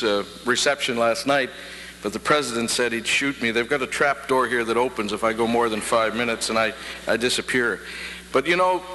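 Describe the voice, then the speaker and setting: A man's voice: medium pitch, sharp tone. Man speaking in a reverberant hall. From Prince Edward Island, Canada. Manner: measured, dry humor. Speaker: convocation speaker. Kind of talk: formal ceremonial address with jokes. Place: large hall. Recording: reverberant hall, faint hum, 1990 archive.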